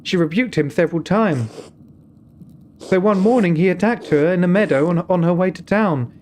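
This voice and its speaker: A man's voice: high voice, a little mellow, a little hiss or hum, voice pushed up, lightly acted. Man voicing a stern British nun. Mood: solemn. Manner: solemn, measured, warning tone. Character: stern middle-aged nun, a mother superior, grave.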